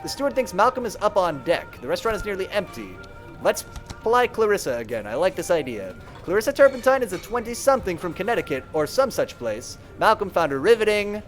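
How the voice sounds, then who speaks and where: Animated young male game streamer. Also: high voice. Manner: animated, chatty, thinking aloud. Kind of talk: live gameplay commentary.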